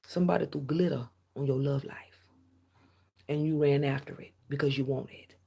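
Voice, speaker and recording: A woman's voice: sits low, moderate pace, darkish tone. A woman tarot reader giving a blunt, preachy reading straight to her viewers, often dropping into half-whispers. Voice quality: very husky, gravelly. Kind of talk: direct-to-camera tarot reading.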